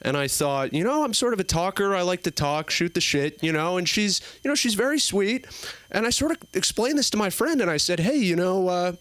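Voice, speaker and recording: A man's voice: high voice, animated, a little fast, a bit bright, dry recording. Rambling young man doing stand-up. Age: early 20s. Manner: rambling, filler-heavy storytelling. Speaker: stand-up comedian. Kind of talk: stand-up set. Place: comedy club stage.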